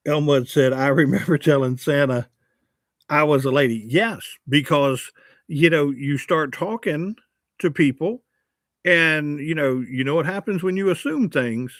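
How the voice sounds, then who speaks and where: A man's voice: on the high side, a little slow, dry recording, clean studio sound. A man in his sixties, a longtime radio host, chatting casually on a livestream and reading comments, joking and poking fun at himself. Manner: joking, chatty and self-mocking.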